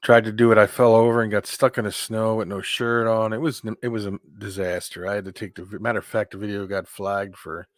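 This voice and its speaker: Rambling man clearing his throat. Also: fairly low pitch, level tone, fairly quick, hardly any pauses, no room sound, studio quality. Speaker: host of a live hangout stream. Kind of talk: casual live-stream chat.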